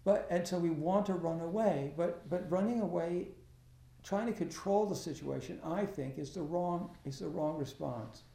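A middle-aged man, an academic who practices Zen, telling a reflective story in a halting way, with many restarts and fillers. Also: on the high side, vocal fry, mellow, echoey room.

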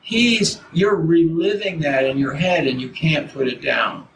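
An older man teaching Zen in a halting dharma talk, full of restarts and "you know"s. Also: on the high side, creaky. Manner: halting, repeats words, many "you know"s. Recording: noisy background.

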